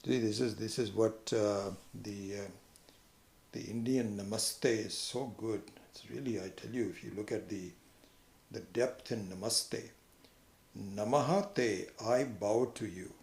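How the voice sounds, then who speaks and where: A man giving a conversational lecture on scripture, who now and then jumps into a much higher voice when acting out what other people say. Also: unhurried, vocal fry, darkish tone, reverberant. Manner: conversational, acts out quoted people with sudden high pitch. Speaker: spiritual teacher.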